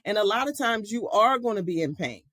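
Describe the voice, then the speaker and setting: Host: chatty middle-aged woman, emphatic storyteller, dry close sound, mid pitch. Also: expressive, a little fast, a bit bright, no echo. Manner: chatty, emphatic, repeats phrases for effect. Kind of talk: casual storytelling monologue.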